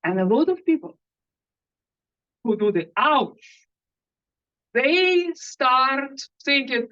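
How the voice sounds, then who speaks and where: Woman doing a self-hypnosis talk, slow and animated, kinda muffled recording. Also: high voice. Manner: animated, leads breathing exercises. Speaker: hypnotist and workshop speaker.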